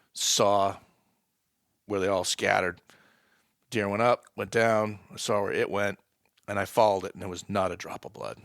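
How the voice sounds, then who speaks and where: A man with a New England accent, telling a lively hunting story as a guest on a podcast interview. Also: on the low side, no echo, clean studio sound. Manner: animated hunting story, builds excitement. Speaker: guest, wildlife department staff.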